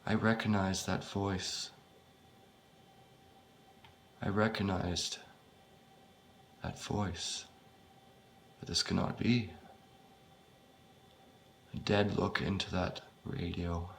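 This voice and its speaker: Guy slowly narrating a creepy horror story, gravelly low voice, kinda halting and rough, swears a lot. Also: flat delivery, a little hiss or hum. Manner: halting and unpolished, with frequent swearing. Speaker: amateur reader of his own horror story.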